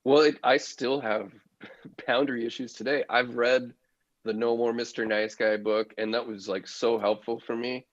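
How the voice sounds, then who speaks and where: A man's voice: mid-range voice, fairly even intonation, normal speed, no echo, highs cut off. A man, a comedian guest on a podcast, telling a story in casual chat, swearing freely and laughing often.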